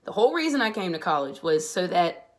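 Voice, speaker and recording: A woman in her twenties from the Pittsburgh area, speaking earnestly in a personal vlog, halting at first and growing more emphatic. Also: lowish voice, very animated. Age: 20s. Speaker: vlogger.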